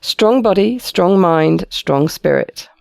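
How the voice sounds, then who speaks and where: Woman host, lowish voice with heavy vocal fry, dry close sound. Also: expressive, slow pace, darkish tone, no echo. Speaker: podcast host. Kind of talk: podcast intro and interview.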